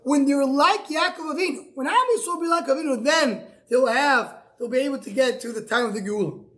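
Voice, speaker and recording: A man with a notably high voice leads a Talmud class as a rabbi. He quotes each line of the text and then explains it in conversational English. His delivery halts often, repeating a word or two before the thought comes out. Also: fairly bright tone. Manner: halting, repeats words while searching for phrasing.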